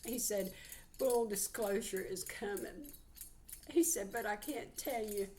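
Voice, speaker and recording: A woman's voice: mid-range voice, slow pace, darkish tone, a little hiss or hum. A woman, giving a heartfelt channeled psychic reading. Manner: heartfelt, earnest, relays messages.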